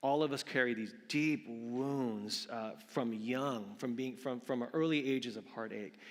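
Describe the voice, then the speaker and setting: A pastor preaches a sermon in a church sanctuary, his mid-range voice at a measured pace. He is earnest, often repeats words, and calls his listeners friends. The recording carries the long reverb of a large hall.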